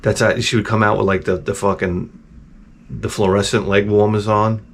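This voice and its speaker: A man's voice: fairly low pitch, little pitch movement, normal speed, gravelly, slight background noise. A middle-aged man hosting his own channel, telling rambling, profane stories in a casual, digressive way. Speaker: channel host.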